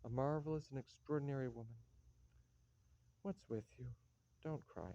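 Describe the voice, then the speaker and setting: A man's voice: mid-range voice, moderate pace, dark tone, close to an everyday voice. An actor playing an aging father who pleads with his daughter and blusters when he cannot follow events, in a stage play reading. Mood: soothing. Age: older. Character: weary aging father, fond but exasperated. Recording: dull lo-fi recording.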